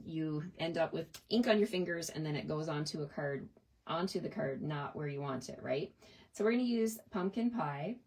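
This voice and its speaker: A woman's voice: on the low side, slightly rough. A middle-aged woman in a casual, chatty craft tutorial, talking through her stamping steps at a desk and often asking "right?". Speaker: card-making demonstrator.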